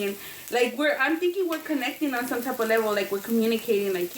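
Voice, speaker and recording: A woman's voice: a little high, quick pace. A woman vlogger telling a rambling, profane story while cooking in her kitchen, with food sizzling in the background. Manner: chatty, profane, rambling with many fillers. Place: home kitchen. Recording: echoey kitchen, faint noise. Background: food frying and sizzling.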